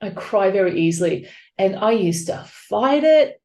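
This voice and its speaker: A woman's voice: medium pitch, measured pace. A woman author being interviewed on a podcast, talking openly and with feeling, acting out voices as she tells stories. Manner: open, emotional, animated storytelling. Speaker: author guest. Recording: echoey room.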